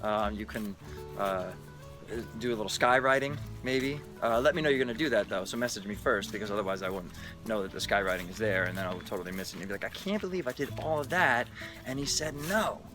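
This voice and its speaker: A man's voice: on the low side, fast, music in the background. A man vlogging to camera on a selfie stick, joking and swearing in a mock-exasperated way. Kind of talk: casual to-camera vlog.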